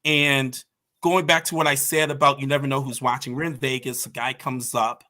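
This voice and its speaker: A man's voice: mid-range voice, flat delivery, moderate pace, sharp tone. A man as a podcast guest, telling stories about his martial arts team with passion and emphasis. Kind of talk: conversational storytelling.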